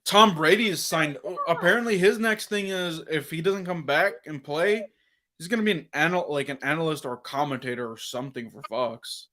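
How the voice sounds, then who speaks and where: A man's voice: on the high side, moderate pace, pushed and bright. A young man hosting a casual sports podcast, rambling with many restarts and fillers. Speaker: podcast host.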